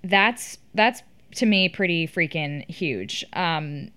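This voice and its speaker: A woman's voice: lowish voice, expressive, slow pace, pushed and bright, clear, resonant tone. A woman hosting an interview, asking questions in a hesitant way with ums and restarts. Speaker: interviewer host.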